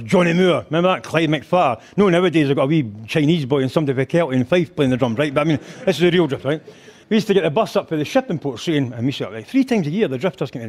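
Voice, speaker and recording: An older man with a Scottish accent telling crude stories in a live stand-up routine, mimicking voices and humming tunes. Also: a little high. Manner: animated storytelling, crude, mimics voices and sings band intros. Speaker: stand-up comedian. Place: rugby club function hall.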